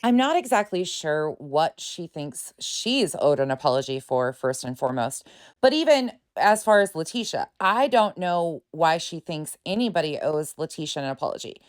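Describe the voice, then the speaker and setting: A woman's voice: low-pitched, very animated, normal speed. A woman hosting a reaction commentary, exasperated and sarcastic as she picks apart claims. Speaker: commentary channel host.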